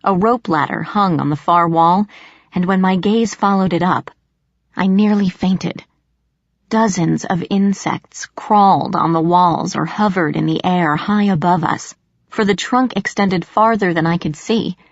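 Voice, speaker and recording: Lower-pitched woman narrating an audiobook. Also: dry recording. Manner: steady, measured storytelling. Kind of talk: first-person audiobook narration. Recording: slightly muffled dry recording.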